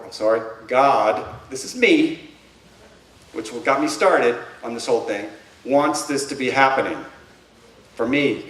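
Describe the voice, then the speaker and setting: A man's voice: mid-range voice, a bit bright. A man giving a conference presentation, speaking emphatically and with passion, rambling at times. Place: conference room. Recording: roomy echo, distant mic.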